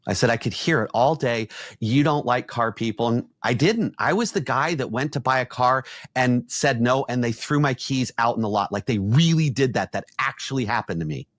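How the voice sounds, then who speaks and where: A middle-aged man, an executive coach, telling blunt, animated stories in a podcast conversation and acting out the quotes. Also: mid-range voice, normal speed, dry recording, studio quality.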